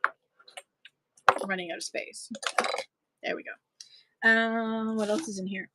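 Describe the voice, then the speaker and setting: A woman's voice: mid-range voice, fairly even intonation, unhurried, pauses often, noisy background. A woman selling small collectibles on a live stream, chatting casually and cooing over little items. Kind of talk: live auction unboxing chat.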